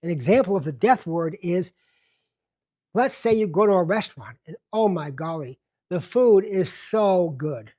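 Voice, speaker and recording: Deliberate male self-help teacher. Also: high voice, expressive, dark tone. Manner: deliberate, emphatic, slows down to stress key words. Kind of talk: self-help lecture to camera.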